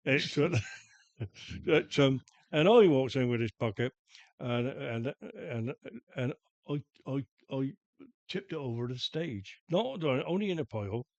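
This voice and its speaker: A man's voice: medium pitch, lively intonation. An older man speaks in a thick Wiltshire accent, rambling through his stories in fits and starts and repeating his words. The sound is dull and lo-fi, and dry with no room echo. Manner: halting, repeats words, dialect grammar. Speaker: podcast guest, grandfather. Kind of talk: rambling anecdotal chat.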